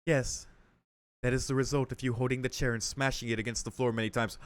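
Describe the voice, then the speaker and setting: A man voicing a polite, quiet young maid woman in a visual novel, speaking softly and formally. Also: medium pitch, a little fast, close to an everyday voice. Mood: concerned. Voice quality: soft, formal and calm.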